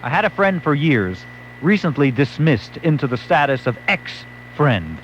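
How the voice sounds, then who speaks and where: A man's voice: a little high, sing-song, unhurried, slight background noise. A male late-night radio host, telling a wry story and acting out quotes. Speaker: radio talk show host. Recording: dull lo-fi AM radio recording.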